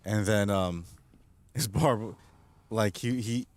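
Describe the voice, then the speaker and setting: Speaking slowly in a lowish voice, this streamer chats casually while he games, wandering from topic to topic with frequent laughter. When he recounts scenes, he puts on silly voices.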